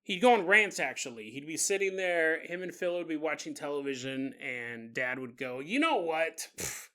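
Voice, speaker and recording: A man hosting a podcast, telling a strange story in a joking, animated way and often laughing. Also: fairly high pitch, moderate pace, clear, resonant tone. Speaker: podcast host. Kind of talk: comedic storytelling.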